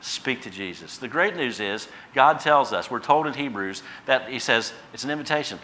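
Male pastor, bright and forceful tone, impassioned sermon delivery with chatty asides. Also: mid-range voice, lively intonation, moderate pace, hardly any pauses. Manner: impassioned preaching, swells loud on repeated phrases then drops quiet; conversational asides to the congregation.

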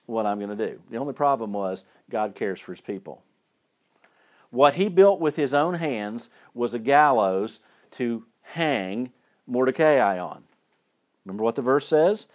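A man's voice: mid-range voice, animated, moderate pace, darkish tone. A male preacher retells a Bible story in a loose, chatty way. He often stops and repeats words before pressing on.

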